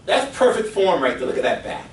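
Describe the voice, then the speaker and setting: A middle-aged man with a slightly high voice gives a seminar talk as a fitness coach, full of lively personal stories and easy chuckles. He sounds distant from the mic, and the echoey room carries a faint hum of ambience. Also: a little fast. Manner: animated storyteller, chuckles often.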